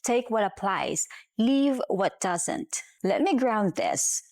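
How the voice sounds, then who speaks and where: Filipino-accented woman giving measured advice. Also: medium pitch, expressive, darkish tone. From Philippines. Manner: measured and emphatic, with short punchy phrases. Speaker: relationship consultant. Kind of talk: scripted advice monologue to camera.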